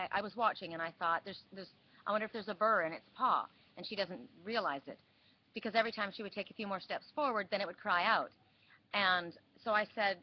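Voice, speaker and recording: A woman giving a weekly spiritual card reading, telling a story with many restarts and repeats. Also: mid-range voice. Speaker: oracle card reader. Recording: dull lo-fi sound with faint hiss.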